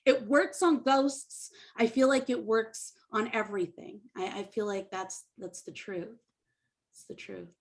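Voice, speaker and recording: A woman's voice: on the high side, steady tone, a little slow. A woman comic doing a rambling, self-deprecating stand-up set on a video call. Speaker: stand-up comedian.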